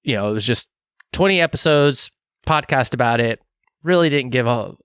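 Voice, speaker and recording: A man's voice: medium pitch, animated, moderate pace, fairly bright tone, clean tone, no echo, clean studio sound. A man co-hosting a podcast, talking in a loose, chatty way. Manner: loose and chatty, laughs between thoughts. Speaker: podcast co-host. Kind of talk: casual podcast discussion.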